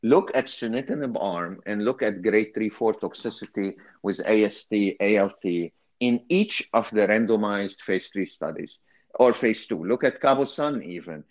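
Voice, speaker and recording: A man's voice: lowish voice, darkish tone, muffled recording. A man, a kidney cancer specialist, talking through an expert panel discussion with many fillers and restarts.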